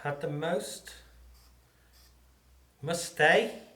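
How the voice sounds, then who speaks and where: A man's voice: a little high, drawn-out words, sharp tone. A man investigating an abandoned hospital at night, speaking in a laid-back way as he reports what he hears. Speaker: paranormal investigator. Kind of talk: casual chat on a ghost hunt. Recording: echoey empty room.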